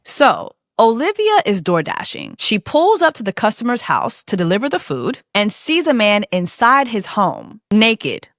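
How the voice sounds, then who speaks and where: Lively, sassy woman host. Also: mid-range voice, unhurried, hardly any pauses, dry recording, studio quality. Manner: playful, sassy, switches into a mock news-anchor voice. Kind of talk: comedic commentary on viral stories.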